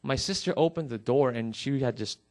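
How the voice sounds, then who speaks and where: A man's voice: mid-range voice, fairly quick, a little mellow. A middle-aged male pastor preaching a sermon, telling a personal story and pleading earnestly with his listeners.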